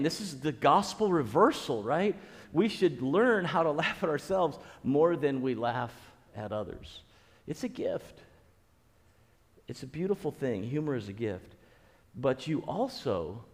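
A man's voice: fairly high pitch, a little mellow. Earnest preacher man in a reverberant hall. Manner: earnest, repeats key phrases, frequent restarts. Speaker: pastor. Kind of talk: conversational sermon.

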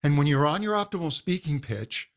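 A man's voice: a little high, lively intonation, brisk. A man, a voice coach guest on a podcast, patiently explaining how the voice works and demonstrating exercises.

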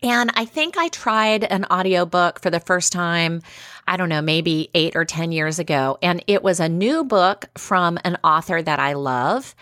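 Middle-aged woman co-host, lowish voice, dry close mic, chatty anecdotal delivery. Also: measured pace, dry recording. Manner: chatty, animated storytelling with frequent fillers. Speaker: podcast co-host. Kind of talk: casual chat.

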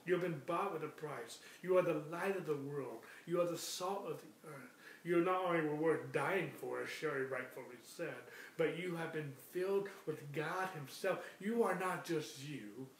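A man's voice: fairly high pitch, normal speed. A man preaching in an emphatic way, repeating his key phrases for the listeners. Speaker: Bible teacher. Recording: echoey room, distant mic, faint noise.

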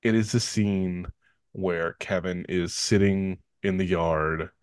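A man with a low, deep voice speaks earnestly on a podcast, reflecting on a movie's sad moments with plenty of ums and restarts. The recording is dry and close. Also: fairly even intonation, slow pace, no echo. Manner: earnest, reflective, lots of fillers. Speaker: podcast co-host. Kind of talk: casual film review chat.

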